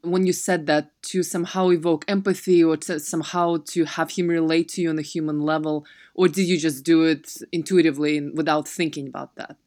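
A male interviewer with a fairly high voice asks a searching question. He rephrases it several times, feeling his way toward what he wants to know. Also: little pitch movement, fairly quick, few pauses, a little mellow. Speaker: host, interviewer.

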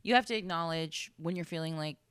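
A woman interviewing a guest in a casual chat, encouraging with quick affirmations. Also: deep voice, a crowd in the background.

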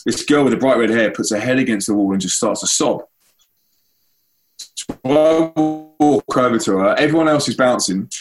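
A man's voice: normal speed, over music. A young man from a Christian band, telling a long story to a school audience and acting out the voices in it. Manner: animated, acts out quoted voices with big pitch leaps. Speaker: Christian band member giving a school talk. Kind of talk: storytelling speech.

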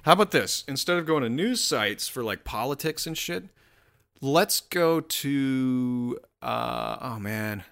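A man's voice: mid-range voice, animated, takes it slowly, creaky, fairly bright tone. A man giving casual, profane commentary while scrolling through posts, rambling and mocking.

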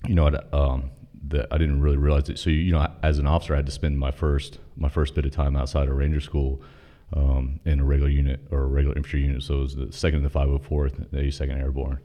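A man's voice: extremely low pitch, fast talker, hardly any pauses, dull audio. A man from North Carolina, a podcast guest, telling stories casually with plenty of profanity and acted-out dialogue. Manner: profane, animated, quotes dialogue in his story. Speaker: podcast guest, former Army officer. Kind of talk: casual storytelling.

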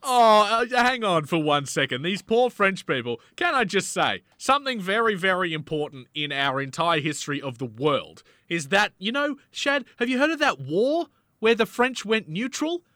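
A man co-hosting a comedy podcast, animated and sweary, with bursts of mock outrage. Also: sits high, normal speed, dry recording, studio quality. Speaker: podcast co-host. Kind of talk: casual comedic chat.

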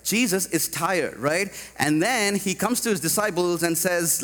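Animated man preaching in a reverberant hall. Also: high voice, measured pace, hardly any pauses. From India. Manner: animated, rising to loud emphatic peaks, calls for congregation response. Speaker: pastor. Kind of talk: sermon. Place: large church hall.

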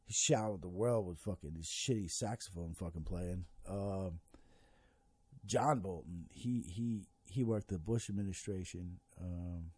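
Man, rambling profane rant, dark mellow voice, dry close sound, lots of ums. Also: deep voice, unhurried, slightly rough, no echo. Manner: profane, rambling, heavy swearing with many fillers. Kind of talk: casual political rant.

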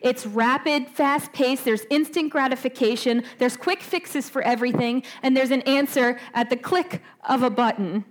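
A woman preaching a sermon in a conversational way, asking her listeners questions and often tagging "right?", slowing down on key points. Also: sits high. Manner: slows down for emphasis.

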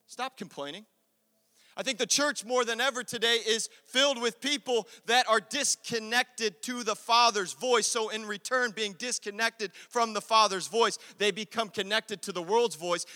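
A young man preaching a sermon, telling a story about his father and acting out his dad's lines in a low gruff tone. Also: normal speed, sharp tone. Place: church. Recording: echoey church hall.

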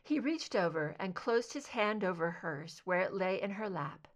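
A woman's voice: medium pitch, animated, normal speed. Woman reading a fan fiction story. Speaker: audiobook reader.

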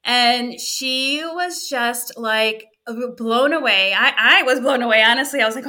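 A middle-aged woman, a fertility physician assistant, telling an emotional story on a podcast in lively reported speech. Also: sits high, moderate pace, hardly any pauses. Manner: animated, frequent "I was like" reported speech.

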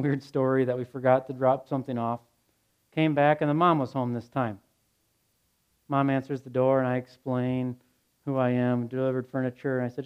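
Guy pastor giving a sermon, kinda high voice, plain talk, blunt, muffled lo-fi sound. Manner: earnest, blunt and conversational storytelling. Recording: dull lo-fi sound.

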